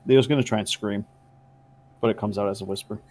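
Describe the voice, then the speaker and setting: Casual, jokey man with a lowish voice. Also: steady tone, fairly quick, a little mellow. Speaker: player voicing his character. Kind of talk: tabletop role-play narration.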